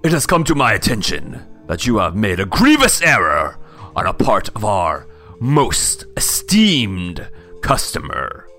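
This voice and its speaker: A man voicing a pompous, grandiose male restaurant manager who booms theatrical declarations. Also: huge pitch swings, a little slow, pushed and bright, soft background music, full character voice. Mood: imperious.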